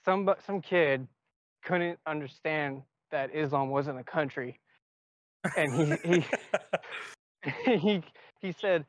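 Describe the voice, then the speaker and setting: A man's voice: on the high side, takes it slowly, pauses often, no room sound. A man co-hosting a podcast, telling crude jokes with a stammer in casual talk, on a dull lo-fi recording. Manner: stammering storyteller. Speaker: podcast co-host. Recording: dull lo-fi sound.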